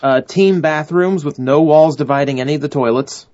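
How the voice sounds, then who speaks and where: A man's voice: on the high side, normal speed, darkish tone. A man co-hosts talk radio with loose, rambling chat. He restarts his sentences often. The sound is dull, lo-fi. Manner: rambling, self-correcting. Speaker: radio co-host. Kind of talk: casual banter. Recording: dull lo-fi audio.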